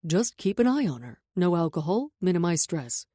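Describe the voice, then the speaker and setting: A woman voicing a brisk, matter-of-fact doctor. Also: lowish voice, very animated, mellow, no room sound, studio quality, voice pushed down. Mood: businesslike.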